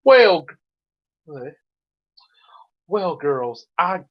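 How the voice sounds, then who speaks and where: A man's voice: sits high, big pitch swings, very slow, full character voice. A man voicing a shy girl at a sleepover, hesitant and stammering in a read-aloud storybook. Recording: dull lo-fi recording.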